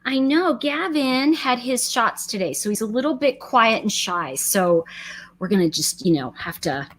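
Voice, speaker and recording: A woman's voice: fairly high pitch, expressive, unhurried, a bit bright. A middle-aged woman hosting a casual livestream, chatting and greeting viewers by name, often trailing off and restarting. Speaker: livestream host.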